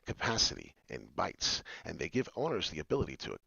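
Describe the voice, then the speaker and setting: A man hosting a crypto show, excitable and rambling, jumping from loud hype to low mutters with many fillers. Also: brisk, vocal fry, breathy edge, no echo, lo-fi sound. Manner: hyped and loud, swings between shouting and muttering. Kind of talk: excited solo crypto talk.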